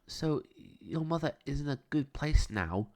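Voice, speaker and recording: A man voicing a gentle, kind-hearted young woman in a storybook reading, with a soft, raised voice. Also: fairly high pitch, expressive, measured pace, pitched above the performer's own voice. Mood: tender.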